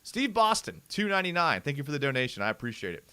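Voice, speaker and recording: Animated young man ranting. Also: a little high, fast talker, clear, resonant tone. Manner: animated, ranting, addresses viewers as bro. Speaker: host of a fan live show. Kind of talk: live-stream film breakdown with chat reading.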